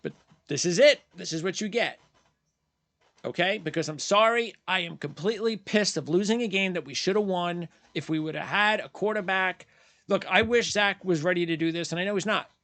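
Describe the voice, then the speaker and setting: A man's voice: sits high, brisk, bright, forceful tone, no room sound. A man hosting post-game sports commentary, ranting bluntly and heatedly, repeating his points and mocking fans in quoted voices. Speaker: sports channel host.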